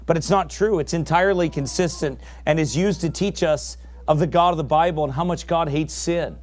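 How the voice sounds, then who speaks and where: A man preaching a fiery sermon, his voice climbing to shouts as he presses his points. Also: a little high, a little fast.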